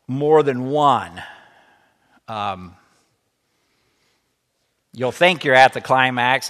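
A man's voice: medium pitch, fairly bright tone. A man teaching a lesson, reading a children's story aloud and stopping to explain it. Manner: explanatory, stops to comment. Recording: echoey room with long reverb.

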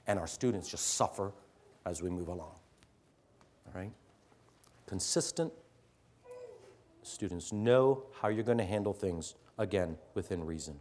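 A middle-aged man, a teacher addressing fellow teachers, telling a story earnestly, swinging from loud emphasis to hushed near-whispers. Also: on the low side. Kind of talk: storytelling talk to an audience.

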